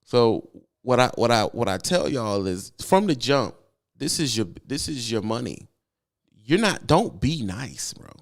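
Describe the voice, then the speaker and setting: Animated, emphatic man ranting. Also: medium pitch, gravelly. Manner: emphatic, repeats himself for effect. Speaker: truck driver. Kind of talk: casual vlog rant.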